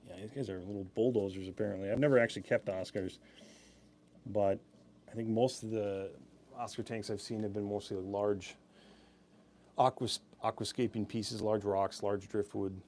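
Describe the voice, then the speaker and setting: A man's voice: fairly low pitch, steady tone, normal speed, a little mellow, slight background noise. Chatty, laid-back man hosting a sale. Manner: chatty, laid-back, laughs easily, rambling asides. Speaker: live-stream sale host. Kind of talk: casual live-stream product presentation.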